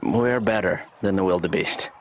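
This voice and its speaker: A man voicing a listless young adult son in a cartoon, slow and flat. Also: low-pitched, lightly acted. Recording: dull lo-fi with loud background noise.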